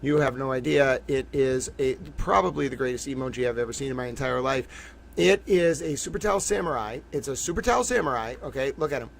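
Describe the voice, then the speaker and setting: A man's voice: mid-range voice, a little fast, gravelly, slight background noise. A man hosting a casual trivia livestream, playful and gushing as he chats with viewers. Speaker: livestream host.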